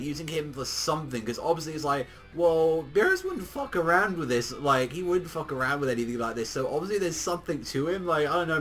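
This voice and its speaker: A young man giving a casual, excitable anime episode review, full of slang, swearing and constant fillers. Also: a little high. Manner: excitable, slangy, swears often, heavy use of "like".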